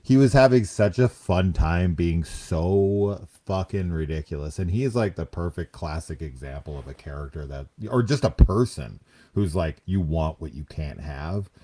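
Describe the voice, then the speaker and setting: A man appearing as a guest reviewer on a casual chat show, talking in a laid-back way and trailing off quietly. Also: deep voice, lively intonation, normal speed.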